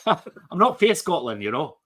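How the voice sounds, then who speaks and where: A man's voice: on the high side, sing-song, slow pace, pushed and bright. A man in casual, swearing banter on a live stream, talking over a video call. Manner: loose, joking, swears a lot. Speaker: co-host.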